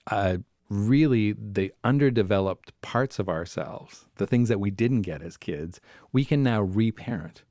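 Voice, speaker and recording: Low-voiced reflective man. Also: a little slow, mellow, dry recording, clean studio sound. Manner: reflective, acts out inner voices in his stories. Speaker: family therapist guest. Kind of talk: conversational podcast storytelling.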